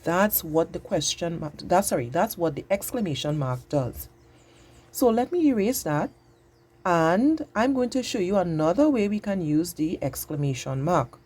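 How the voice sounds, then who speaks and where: A woman teaching a patient, exaggerated grammar lesson to young children, speaking slowly and clearly. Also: on the low side, animated, a little mellow.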